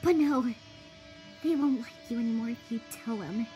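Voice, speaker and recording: A woman's voice: a little high, moderate pace, mellow, faint music behind, natural voice. A woman voicing a nervous, secretive female bird who stammers when flustered, in a fan cartoon. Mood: worried. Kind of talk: fan-made cartoon voice acting.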